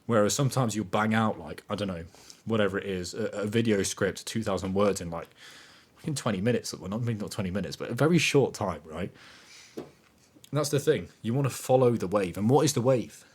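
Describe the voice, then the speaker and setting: A man hosting a podcast, talking in a casual motivational monologue that is animated and emphatic, swearing freely. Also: on the low side, a little fast, slightly rough. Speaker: podcast host.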